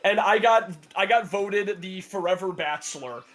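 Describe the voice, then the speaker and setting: Soft music backs a young man's high-pitched, fairly bright voice as he tells a long, restart-filled story at a normal pace on a podcast. As co-host he's casual, sarcastic, and laughs a lot.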